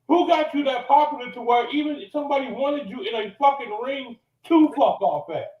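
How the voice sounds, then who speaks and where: A man's voice: extremely high pitch, brisk, reverberant, recorded from a distance, highs cut off. A man delivering a furious, profane rant on a podcast recorded live on location. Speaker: podcast regular. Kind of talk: angry rant. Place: cigar lounge, live on location.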